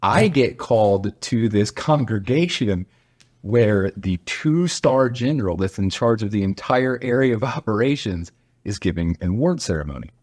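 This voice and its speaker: A man's voice: on the low side, expressive, normal speed, darkish tone. A man casually telling a military war story on a podcast, swearing freely and acting out the people he quotes. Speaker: podcast guest, former soldier.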